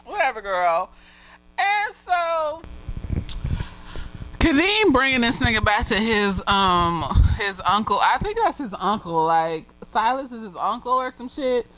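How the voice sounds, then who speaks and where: A woman's voice: on the high side, animated, measured pace, fairly bright tone, slight background noise, low-quality recording. Chatty tipsy woman recapping a movie. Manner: chatty and profane, laughs often, voice jumps up when exasperated. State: slightly tipsy. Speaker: movie reviewer.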